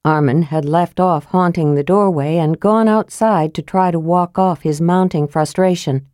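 A woman narrating an audiobook in an even storytelling manner, close to the mic. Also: fairly low pitch, moderate pace, no room sound. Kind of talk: scripted narration.

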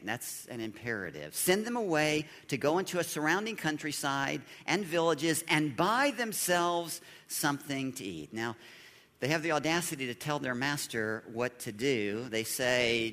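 Lively guy preaching, bright voice, big echoey church hall, acts out the story people with jokes. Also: medium pitch, moderate pace. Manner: animated preacher, acting out speakers in the story with a joking tone. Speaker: pastor. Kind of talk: sermon.

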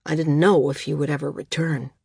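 A woman voicing a gentle male island healer who speaks in a calm, measured way, with a husky voice. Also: low-pitched, no room sound, studio quality, heavily acted. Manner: calm, measured and bitter at times.

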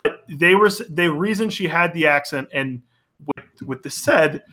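A man hosting a casual chat, excitable and quick to laugh. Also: a little high. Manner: excitable, laughs often, quick fan talk.

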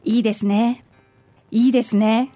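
With faint music in the background, this language podcast co-host, whose first language is Japanese, says each phrase carefully, repeats it for learners, then gives brief answers to questions. She sounds fairly high, steady, fast, and mellow, in a dry recording.

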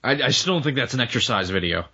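A man's voice: medium pitch, lively intonation, quick pace, pushed and bright, breathy edge, lo-fi sound. A man making wry, sarcastic quips during a movie commentary. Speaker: commentary co-host.

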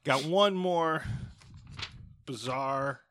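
A man from New England hosting a casual podcast chat, dry and joking, often trailing off into low mutters. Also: very slow, fairly bright tone, no echo. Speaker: podcast host.

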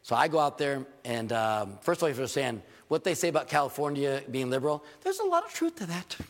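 A man's voice: mid-range voice, big pitch swings, quick pace, long reverb tail. A man preaching a sermon as a pastor, telling stories to his congregation and building to emphatic points.

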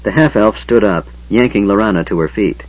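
Guy reading a fantasy audiobook, low husky voice, dramatic, dry dull lo-fi sound. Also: fairly quick, no echo. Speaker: audiobook narrator. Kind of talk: scripted fantasy narration.

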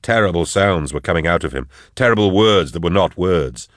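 A man with a very deep voice reads an audiobook in a measured, tense way. The sound is dry and close, with no room around it. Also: animated, a bit bright, no echo. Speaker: narrator. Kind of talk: audiobook narration.

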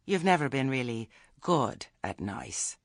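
A man's voice: mid-range voice, sing-song, measured pace, gravelly, no room sound, studio quality, pitched above the performer's own voice. A man voicing a chatty, anxious elderly village witch who talks in a nervous, hesitant, homely way. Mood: uneasy.

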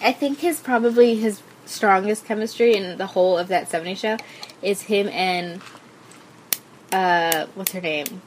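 A woman's voice: mid-range voice, a little slow, slight background noise. A woman co-hosting a casual podcast who chats about a TV show, laughing often and adding apologetic asides. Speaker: podcast co-host. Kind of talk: casual chat recap of a TV show.

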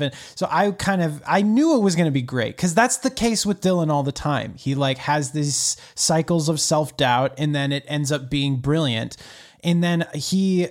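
Casual male talker, slightly higher voice, animated storyteller with quick asides. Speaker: friend of the composer. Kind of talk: casual chat.

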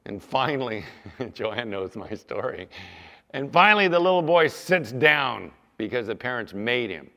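A male pastor preaching a sermon, animated, sometimes mimicking whiny apologies in a raised voice. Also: medium pitch, unhurried. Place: church sanctuary. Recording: long church reverb.

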